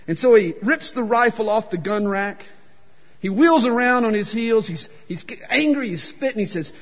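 A man's voice: sits high, animated, brisk. A man preaching a sermon, telling folksy jokes with a self-deprecating humor, recorded in a dull, echoey hall. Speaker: pastor.

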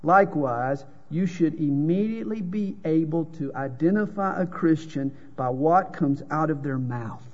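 A man's voice: on the high side, unhurried, hardly any pauses, a little mellow. A man with a Southern US drawl preaching a sermon, telling folksy jokes and reading scripture. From American South. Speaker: pastor. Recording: dull lo-fi sound with long hall reverb.

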